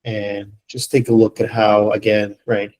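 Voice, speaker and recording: A man's voice: on the low side, level tone, a little slow, a little mellow, slight background noise. A man teaching an online English class, playful and encouraging, joking with his students.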